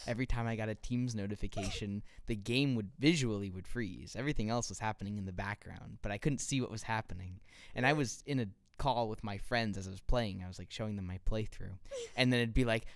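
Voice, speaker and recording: A man's voice: on the low side, brisk, gravelly, no echo. A man co-hosting a podcast in casual chat, jokey and playful, telling stories animatedly. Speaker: podcast co-host.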